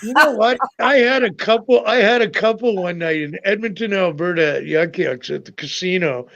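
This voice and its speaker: A man's voice: sits high, moderate pace, vocal fry, a bit bright, highs cut off. A man, a comedian guest, telling stand-up stories in casual chat and acting out the voices of people in them. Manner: storytelling, acts out quoted voices.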